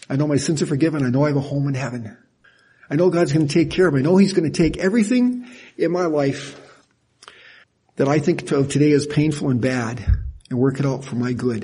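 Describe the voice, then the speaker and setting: An older man gives a sermon, his tone folksy and animated, with small laughs at his own expense. His voice is husky and mellow, pitched a little high for a man. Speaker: pastor.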